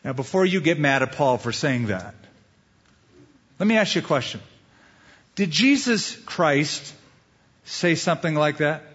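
A man's voice: fairly high pitch, lively intonation, measured pace, long pauses, fairly bright tone, breathy edge. A male pastor preaching a sermon in a conversational way, often putting questions to the listeners. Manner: conversational, asks the audience questions. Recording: dull lo-fi sound.

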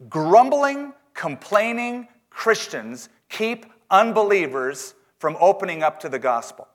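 Man, pastor, sermon in church, higher-pitched, emphatic, humorous asides. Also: fairly bright tone. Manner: slow, emphatic scripture reading, jokey asides.

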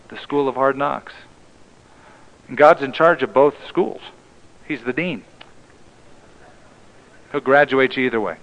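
A male pastor preaching a sermon in an emphatic way, often dropping to a hushed tone for the key lines. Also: on the high side, lo-fi sound.

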